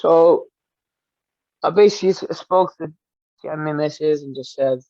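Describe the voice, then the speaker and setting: A man's voice: on the high side, measured pace, warm tone, no echo. A Glaswegian man, a football coach guest, speaking earnestly and from the heart in a podcast interview. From Scotland. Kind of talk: casual interview chat. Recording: dull dry lo-fi sound.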